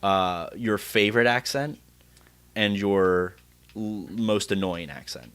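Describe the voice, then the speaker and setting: A man hosting a laid-back conversation in a somewhat low voice. He rambles, restarting sentences as he works out his thoughts. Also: slow, fairly bright tone, clean tone. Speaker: podcast host. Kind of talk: casual chat.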